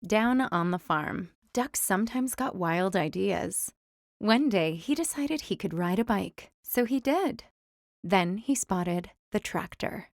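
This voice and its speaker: A woman reads a children's storybook aloud with lively, expressive narration. Her mid-pitched voice carries a slight gravelly fry. The sound is dry and close, with no room around it. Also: slow pace, dry recording. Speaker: storybook reader.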